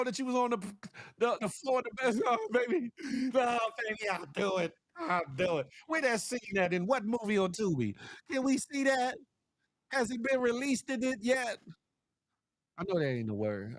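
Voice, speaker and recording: High-voiced animated man hosting a morning show. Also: no room sound. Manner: animated, swings between high teasing calls and low serious asides; playful trash talk with laughs and repeated "huh?". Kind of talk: casual commentary monologue.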